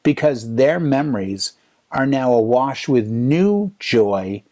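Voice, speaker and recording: A man in his fifties, a DJ, telling animated stories in a casual conversation and acting out other people's lines. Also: medium pitch, slow. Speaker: DJ and podcast co-host. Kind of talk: casual chat.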